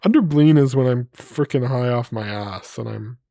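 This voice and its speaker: Guy on a live stream chatting away, mid-pitched voice, dry close sound. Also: normal speed, gravelly, dark tone, no room sound. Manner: rambling, playful, reading place names aloud to chat. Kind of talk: casual live-stream chat.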